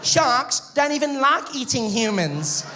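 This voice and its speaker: A man's voice: extremely high pitch, very animated, slow, bright, forceful tone, a little hiss or hum, pitched above the performer's own voice, exaggerated voice. A man putting on the upbeat, earnest voice of a male television shark expert. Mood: chirpy.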